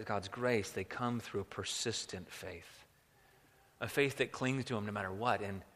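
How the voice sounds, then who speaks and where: Bright-voiced male preacher in a hall. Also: medium pitch. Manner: conversational, acts out quotes. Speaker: pastor. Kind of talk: sermon. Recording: long hall reverb.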